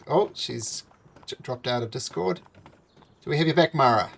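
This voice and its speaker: A game master narrating a tabletop game over voice chat, lively and questioning. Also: medium pitch, moderate pace, creaky, slight background noise.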